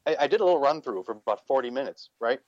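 A man's voice: medium pitch, expressive, rapid-fire, no echo, lo-fi sound. A man co-hosting a casual podcast, telling a rambling, crude story in a laid-back way. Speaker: podcast co-host.

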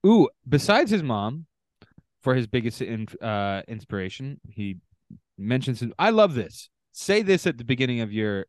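Canadian guy on a podcast reading profiles out loud, dry close sound, mid voice. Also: medium pitch, very animated, normal speed, dry recording. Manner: reads contestant bios aloud with offhand asides. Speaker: podcast co-host. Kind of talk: casual podcast chat.

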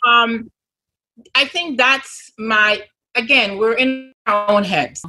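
A woman's voice: a little high, slow pace, sharp tone. A woman with a Grenadian accent, a travel agent speaking candidly as a guest in a casual interview.

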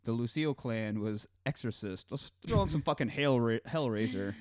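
A man's voice: mid-range voice, brisk, darkish tone, dry recording, studio quality. A man in casual chat, teasing and sarcastic.

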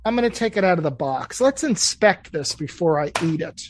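A woman's voice: on the low side, animated, fairly quick. A woman hosting a casual food chat, talking enthusiastically and teasing her guest. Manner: chatty, enthusiastic, gasps and teases. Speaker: podcast host. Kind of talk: casual chat while eating on a food show. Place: New York City apartment.

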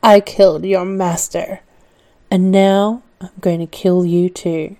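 A woman's voice: fairly low pitch, level tone, takes it slowly, warm tone. A woman voicing a vicious female assassin, smug at first and later shrieking curses in blind rage. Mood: smug menace.

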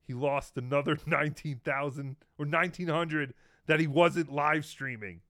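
A man's voice: on the high side, normal speed, a bit bright, no echo, studio quality. A man hosting a podcast, giving wry, mocking commentary on a clip. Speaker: podcast host. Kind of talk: sarcastic commentary on a stream clip.

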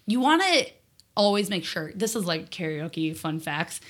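A woman's voice: on the low side, lively intonation, normal speed. A young woman co-hosting a casual podcast chat, upbeat and laughing often. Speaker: podcast co-host.

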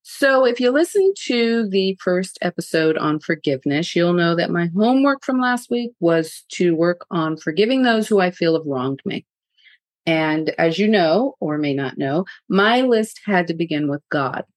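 Animated woman hosting a podcast, low voice. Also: a little slow, no room sound. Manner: frank, animated, laughs often. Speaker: podcast host. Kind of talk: candid personal storytelling.

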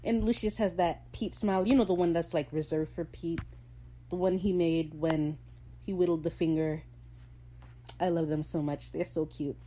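A woman hosting her own podcast, recapping an episode in loose, casual talk. She gushes like an excitable fan, and her voice sits a little on the low side. A faint hiss sits under the recording. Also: normal speed, poor audio. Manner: gushing, excitable fan chatter. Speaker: podcast host.

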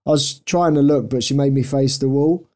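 Young male podcast co-host, warm low-toned voice, self-mocking and giggly. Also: normal speed. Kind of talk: casual storytelling chat.

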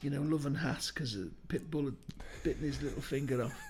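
An older man, a comedian telling rambling pub anecdotes and old gags in casual chat, slipping into quick character voices. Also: medium pitch, gravelly, darkish tone, slight background noise. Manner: rambling joke-telling storyteller with quick impressions. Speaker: comedian guest.

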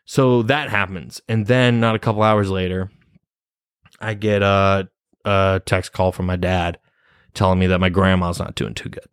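A man's voice: low voice, little pitch movement, moderate pace, clear, resonant tone, no room sound, clean studio sound. A young man telling a personal story in a rambling, casual way, cursing often and laughing nervously. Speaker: vlogger.

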